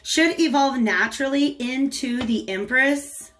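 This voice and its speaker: A woman's voice: high voice, measured pace, noisy background. A woman giving a casual tarot reading, chatting to viewers and talking to the cards as she goes. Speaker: tarot reader.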